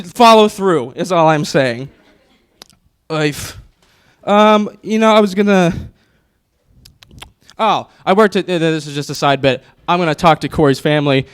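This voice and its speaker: A man's voice: sits high, fairly bright tone, clear, resonant tone. A man in his twenties doing a stand-up comedy set on stage before a live audience, nervous and rambling, with many fillers. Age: 20s.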